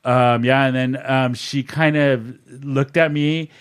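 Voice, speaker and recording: A man's voice: slow pace, clear, resonant tone. A man co-hosting a podcast, telling a story in casual chat and acting out the other people's lines. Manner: animated storyteller, mimics others' lines with raised pitch. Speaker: podcast co-host.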